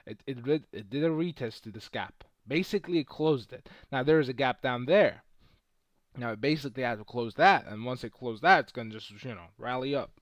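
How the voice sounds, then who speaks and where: A man's voice: mid-range voice, brisk, no echo. A man chatting casually on a live stream while trading stocks, brash and boastful and swearing freely. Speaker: livestream host trading stocks.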